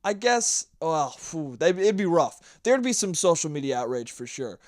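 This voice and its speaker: A man's voice: on the high side, sing-song, normal speed, darkish tone, dry recording, studio quality. A man hosting a solo podcast, rambling and profane in a casual, self-mocking monologue. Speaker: podcast host.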